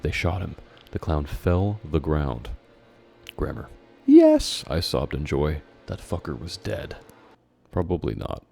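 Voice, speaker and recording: In an unhurried, extremely low voice that's gravelly, darkish, and slightly rough, a man performs the horror story he wrote as a kid. He punctuates the reading with amused, sarcastic jabs at his own writing, while faint music plays in the background.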